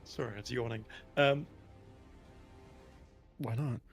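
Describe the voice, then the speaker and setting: Naraya, a cautious woman adventurer from a tabletop game, voiced by a man. She speaks with a gravelly, creaky edge. She is hesitant and easygoing, weighing each risk before she agrees. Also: medium pitch, slow, soft background music, heavily acted.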